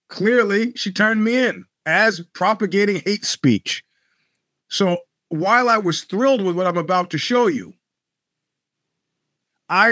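A man's voice: high voice, pushed and bright, no echo, clean studio sound. A man hosting a show, telling rambling, sardonic stories with plenty of profanity. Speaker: podcast host. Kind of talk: casual monologue.

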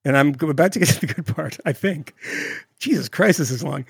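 Guy on a podcast, voice sits kinda high, sarcastic, laughs a lot, flat then loud, dry close mic. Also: fairly quick, creaky, slightly rough, no room sound. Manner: mocking, laughs often, swings between flat and loud. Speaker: podcast co-host. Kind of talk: casual chat, sarcastic reading aloud.

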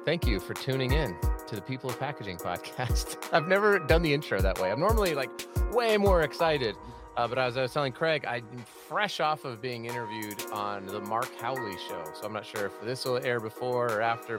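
A man's voice: medium pitch, animated, fairly quick, music in the background. A man hosting a casual podcast interview, chatty and upbeat, with a joking manner. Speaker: podcast host.

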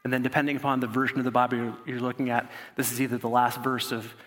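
A man's voice: mid-range voice, little pitch movement, fast, fairly bright tone. A man preaching a sermon, reading scripture and breaking off into casual, conversational asides. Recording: long hall reverb.

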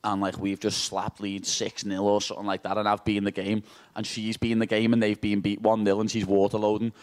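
A man's voice: lowish voice, completely flat delivery, a little fast. A man with a Liverpool accent answering press conference questions after a fight, brash and cheeky and swearing freely.

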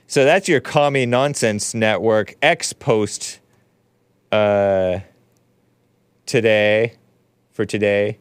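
Guy hosting a show, slow and smooth, dry close mic, rambling sarcastic commentary. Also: lowish voice, dry recording. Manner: sarcastic, rambling, with frequent laughs and asides. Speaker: show host. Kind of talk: casual commentary monologue.

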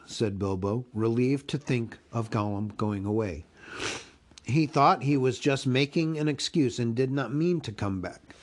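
A man reading a classic storybook aloud as host of his own podcast, in a slow, expressive manner. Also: medium pitch.

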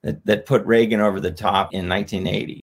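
A slightly hoarse man, an author guest on a podcast, explaining his argument in an earnest way and repeating his phrases. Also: on the low side, fairly even intonation, fast talker. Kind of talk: podcast interview.

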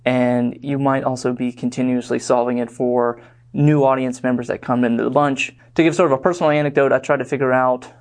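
A man's voice: medium pitch, little pitch movement, brisk. Rambling, casual young man teaching. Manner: rambling, filler-heavy, conversational. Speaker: online course instructor. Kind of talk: casual lecture.

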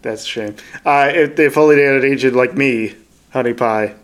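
A man's voice: medium pitch, normal speed. A man co-hosting a podcast in casual chat, rambling through anecdotes and laughing often. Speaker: podcast co-host.

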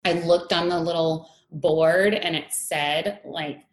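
A woman's voice: on the low side, steady tone, slow pace. A woman in her thirties, a strength coach, telling her story in an interview candidly, laughing often. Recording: echoey room, faint ambience.

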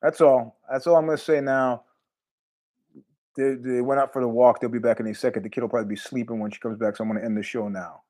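A man with a medium-pitched voice and a quick pace hosts a podcast as a casual, rambling monologue. He swears and trails off into animated asides.

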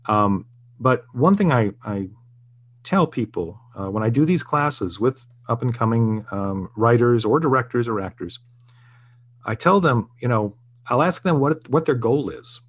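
Older guy being interviewed, earnest and reflective, lots of restarts, talks at a steady everyday pitch. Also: measured pace, slightly rough. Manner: reflective, earnest storytelling with frequent restarts and chuckles. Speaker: guest, TV writer and producer. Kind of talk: casual interview conversation.

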